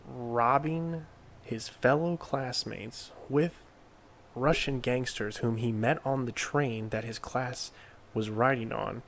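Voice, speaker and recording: A man narrating a commentary video in a measured, deliberate way. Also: medium pitch, a little hiss or hum.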